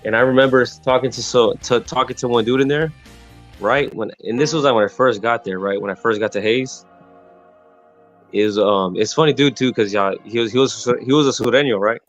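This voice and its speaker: A man's voice: mid-range voice, brisk, dull audio, faint music behind. A man from Texas telling a story in casual, slangy podcast chat, rambling with frequent restarts.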